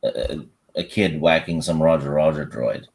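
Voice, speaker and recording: Male co-host, very deep voice, dry, terse humor, casual chat. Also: a little slow, a little mellow. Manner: blunt, dry, hesitant with many fillers. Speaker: podcast co-host. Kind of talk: casual live-stream chat.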